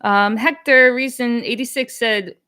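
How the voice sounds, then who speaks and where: A woman's voice: fairly high pitch, fairly even intonation, unhurried, sharp tone, clean tone. A young woman hosting a language-learning channel, chatting casually on a live stream and answering comments. She is candid, laughs often and slips into Chinese phrases.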